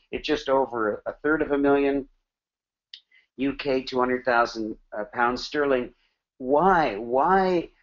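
A man's voice: medium pitch, fairly bright tone, dull audio. Punchy motivational male workshop presenter. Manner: emphatic, rhetorical questions, punchy repetition. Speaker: business presenter.

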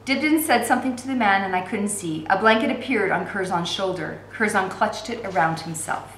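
A woman teacher reads a novel aloud, steady and expressive. Her voice is at an average pitch. The room adds a clear echo. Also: a little fast, hardly any pauses, a little hiss or hum. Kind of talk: read-aloud narration.

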